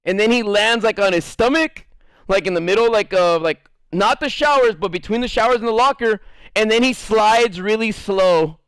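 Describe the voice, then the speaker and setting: A man chatting on his stream, spinning a rambling story peppered with fillers and crude swearing. His voice sits a bit high and sounds smooth and clean. The sound is dry and close, with no room ring. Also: moderate pace, a bit bright, dry recording. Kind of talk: casual storytelling to a live chat.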